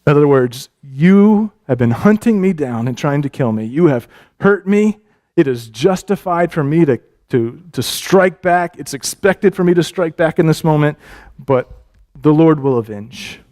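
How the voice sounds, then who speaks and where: A male pastor giving a sermon, telling a scripture story with animated, repetitive phrasing and frequent restarts. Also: on the high side, unhurried.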